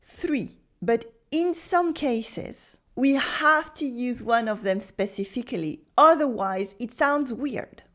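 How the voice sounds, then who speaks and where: A woman with a French accent teaching pronunciation, speaking slowly and carefully and repeating words for the listener. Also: fairly high pitch, a bit bright. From France. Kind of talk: pronunciation lesson.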